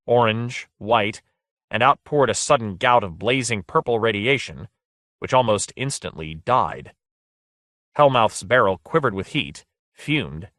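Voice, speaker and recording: A man with a lowish voice narrates an audiobook in a steady, measured way. The scripted reading is a clean studio recording with no room sound.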